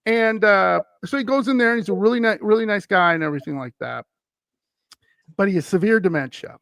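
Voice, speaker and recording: A man's voice: high voice, lively intonation, a little fast, creaky, a bit bright, dry recording. A man from Wisconsin, a guest on a paranormal podcast, telling a story in a casual, rambling way with many "uh"s and chuckles. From Wisconsin, USA.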